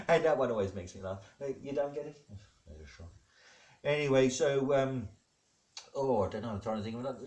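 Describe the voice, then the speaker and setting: Rambling deadpan man, echoey room. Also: mid-range voice, fairly quick. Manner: rambling, hesitant, deadpan, many fillers. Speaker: comedic host playing God. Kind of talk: improvised comedy monologue.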